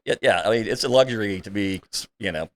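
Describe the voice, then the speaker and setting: A man's voice: on the low side, fast, fairly bright tone. A man chatting casually as a podcast guest, often restarting his sentences and filling gaps with "you know.". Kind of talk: casual chat.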